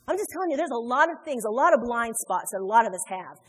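A woman's voice: on the high side, expressive, quick pace, hardly any pauses, a bit bright, breathy edge, faint music behind. A woman preaching a sermon in a church, emphatic, acting out the people she quotes. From Indiana. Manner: emphatic, acts out quoted voices. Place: church sanctuary. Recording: long hall reverb.

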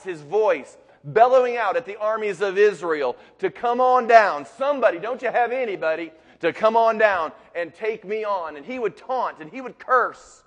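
A male pastor preaching a sermon with emphatic, building repetition in a large church sanctuary. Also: sits high. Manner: emphatic and building, with repeated phrases. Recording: long reverb of a large hall.

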